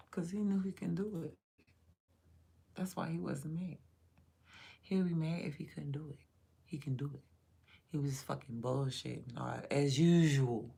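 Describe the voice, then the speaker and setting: Low, gravelly-voiced woman chatting on a livestream. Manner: profane, laughing, loud and playful. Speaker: mother. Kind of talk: casual livestream chat.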